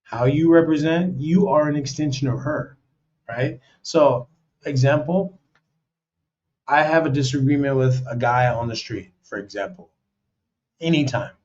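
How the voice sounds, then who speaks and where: A slightly mellow, medium-pitched American man talks at a measured pace, hosting a casual advice monologue. Blunt and slangy, he keeps saying "man" and "you know" and performs quoted voices; the sound quality is dull and lo-fi.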